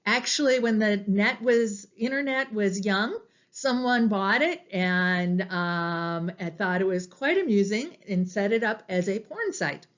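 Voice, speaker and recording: A woman's voice: mid-range voice, lively intonation, a little slow, muffled recording. A woman librarian giving a casual, explanatory class presentation, with frequent ums.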